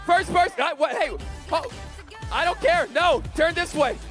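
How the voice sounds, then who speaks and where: A man hosting a camp game on stage, shouting energetically to a crowd, his voice getting strained. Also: very high voice, moderate pace, faint music behind. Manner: energetic, loud, calling out to a crowd. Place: large camp event hall.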